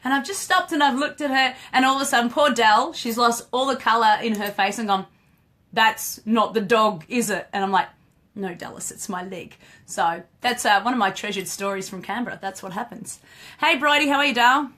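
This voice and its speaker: A woman's voice: a little high, fast, sharp tone. A woman, hosting a casual live stream as a dog trainer, chatty and laughing, greeting viewers by name.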